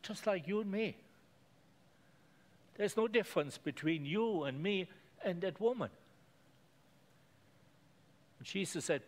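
A man's voice: high voice, animated, slow pace, long pauses. Earnest man preaching a sermon. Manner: earnest, simple phrasing with emphatic repetitions.

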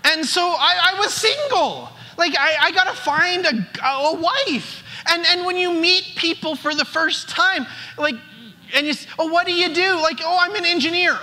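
Pastor guy preaching, high bright voice, stumbles and repeats words a lot. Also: normal speed. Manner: conversational, repeats words when starting phrases. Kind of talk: sermon. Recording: long hall reverb.

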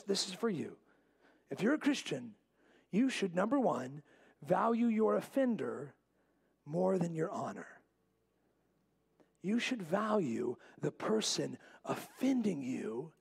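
A man preaching a sermon in a church, repeating key lines and dropping to a low, quiet voice to stress them. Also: gravelly, breathy edge. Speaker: pastor. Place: church sanctuary.

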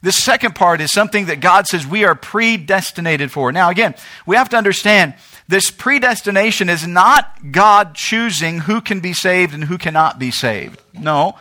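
Animated high-voiced pastor. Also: male voice, moderate pace. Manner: animated, talks straight to the congregation with frequent "right?". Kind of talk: sermon. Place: church.

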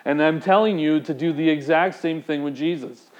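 A man's voice: on the high side, moderate pace, dull audio. A man preaching a sermon, speaking conversationally and putting direct questions to the congregation. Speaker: pastor.

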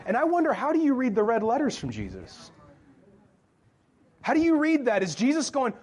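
High-voiced, joking preacher mid-sermon. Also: male voice, wildly swooping pitch, normal speed, darkish tone, breathy edge. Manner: conversational, joking, asks the crowd questions. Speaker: pastor. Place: church.

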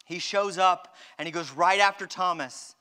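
Man, pastor, sermon, very high voice, smooth and clear, animated. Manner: animated, acts out dialogue, slows down for emphasis.

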